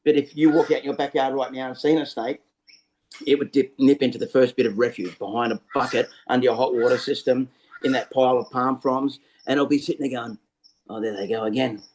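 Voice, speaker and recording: An Australian man, a snake catcher, explaining things over a video call in a lively storytelling way. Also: medium pitch, brisk, a little hiss or hum, rough recording. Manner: lively storyteller who acts out scenes. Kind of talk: casual explanatory interview talk.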